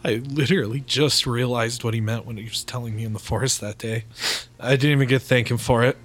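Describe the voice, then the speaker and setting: A man's voice: mid-range voice, fairly even intonation, fast, a bit bright, soft background music. A man playing a tabletop game, earnestly describing his character's actions. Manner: earnest, emotional, narrating his own actions. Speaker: player.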